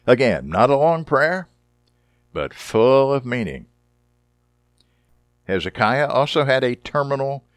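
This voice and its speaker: A man preaching a sermon, reading Bible passages dramatically and deliberately and adding short wry comments. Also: medium pitch, fairly bright tone, dry recording, studio quality. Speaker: Bible teacher.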